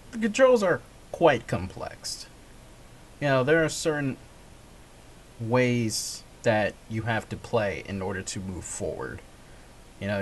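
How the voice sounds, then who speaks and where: A male gaming vlogger rambles through a casual monologue, often stopping to correct himself and chuckle. His pitch swings widely, up and down, as he talks. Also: slight background noise.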